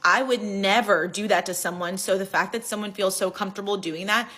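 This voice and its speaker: Bright-voiced woman, earnest follow-up. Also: mid-range voice. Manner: earnest, grateful, measured. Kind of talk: follow-up video to camera.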